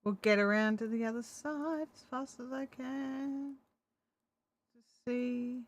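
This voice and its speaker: Chatty Australian woman with a high voice. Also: fairly even intonation, slow pace, no echo, lo-fi sound. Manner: chatty, talks to herself and her dog while knitting. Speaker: crafting vlogger. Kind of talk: casual crafting vlog.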